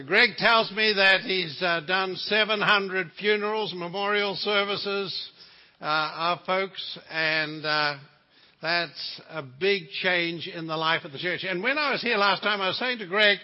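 An older man with a New Zealand accent preaching a sermon as a guest preacher, telling stories with humor and asides. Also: high voice. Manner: folksy storytelling with asides and humor. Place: church sanctuary. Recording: lo-fi sound in a reverberant church.

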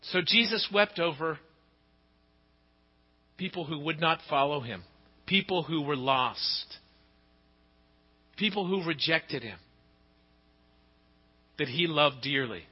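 A man's voice: takes it slowly, pauses often, slightly rough. Man preaching in an echoing hall. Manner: expressive storytelling, pitch and volume swing widely. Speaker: pastor. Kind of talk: sermon. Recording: dull sound with long hall reverb.

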